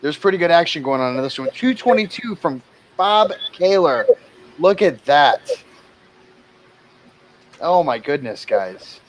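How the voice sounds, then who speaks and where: A man's voice: a little high, big pitch swings, unhurried, long pauses, a little hiss or hum, low-quality recording. A man calling out bids in a casual livestream art auction, joking and exclaiming over each new bid.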